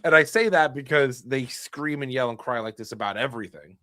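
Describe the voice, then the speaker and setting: A man's voice: medium pitch, brisk, bright, forceful tone, no room sound. Dry-voiced middle-aged male podcast host. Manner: wry anecdotal storytelling with dry humor. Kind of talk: casual storytelling chat.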